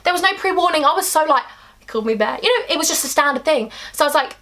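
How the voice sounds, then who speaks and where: Fast-talking young woman vlogger. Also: high voice, animated, sharp tone. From England. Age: young adult. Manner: chatty and emphatic, acting out dialogue. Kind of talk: storytime vlog.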